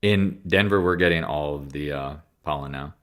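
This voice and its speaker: Speaking in a rumbling low voice at a moderate pace, he sounds clean and fairly bright despite being congested and clearing his throat. His market commentary is casual and rambling, delivered bluntly and offhandedly, with frequent self-interruptions.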